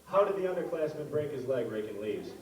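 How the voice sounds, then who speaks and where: A man's voice: medium pitch, lively intonation, fast talker, a little mellow. A young man in his late teens co-hosting a school variety show, trading jokes and arguing with his partner. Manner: bickering, keeps repeating his partner's name. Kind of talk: stage comedy banter. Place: school auditorium stage. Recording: echoey hall from far off, noisy.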